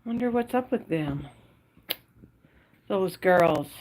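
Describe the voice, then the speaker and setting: A Wisconsin woman hosts a casual livestream, chatting with her viewers in an animated, slow, darkish-toned voice. Whenever she addresses her dogs, she switches into a high sing-song.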